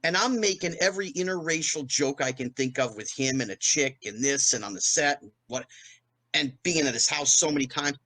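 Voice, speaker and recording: A man in his fifties from New Jersey, a guest in an interview, telling a fast anecdote and acting out the quotes with big jumps in pitch. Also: pushed and bright, no room sound. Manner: fast storytelling with acted-out quotes, rising pitch on punchlines. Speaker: guest, former child actor.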